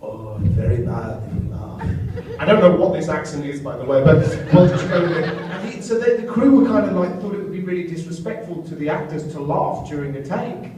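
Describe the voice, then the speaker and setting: A man, an actor on a convention panel, telling comic anecdotes in an animated way. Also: on the high side, brisk, hardly any pauses, a little hiss or hum. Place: large convention hall. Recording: echoey hall, distant from mic.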